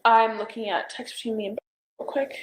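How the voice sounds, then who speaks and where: A woman's voice: a little high, flat delivery, brisk, roomy sound, a little hiss or hum, poor audio. A young woman in a police interview, recounting events in a hesitant, rambling way full of "like" and "I don't know". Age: young adult.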